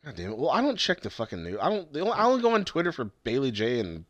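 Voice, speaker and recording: Young man, low pitch, quick animated casual chat, profane and rambling, dry sound. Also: no room sound, muffled recording. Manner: profane, rambling, with frequent restarts.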